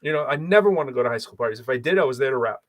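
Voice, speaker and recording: A man co-hosting a podcast, talking in an animated, emphatic way and repeating phrases for effect. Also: mid-range voice, rapid-fire, a little hiss or hum. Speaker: podcast co-host. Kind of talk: casual chat.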